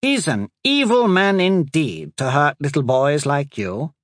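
A man voicing a cunning male sorcerer who speaks in a slow, soothing, measured way. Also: fairly high pitch, sing-song, dry recording, studio quality, voice pushed up. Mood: sympathetic. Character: cunning male sorcerer, smooth, patient and manipulative.

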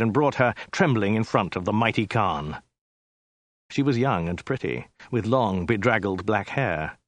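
A man reading a story aloud in a dry, deadpan narrating manner. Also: fairly low pitch, no echo. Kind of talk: scripted narration.

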